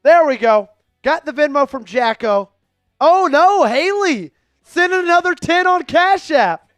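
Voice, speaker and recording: A man's voice: very high-pitched, expressive, unhurried, fairly bright tone, no room sound, faint music behind. A man hosting a fan live stream, running a raffle and calling plays from a game in a casual, hyped way. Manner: hypes donors and raffle, calls the game. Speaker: livestream host.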